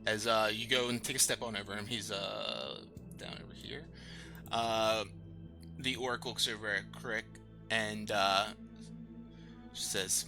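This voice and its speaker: Man, game master, low voice, rambling, loud music underneath. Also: slow, creaky. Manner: rambling, many fillers. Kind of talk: narrating a tabletop game.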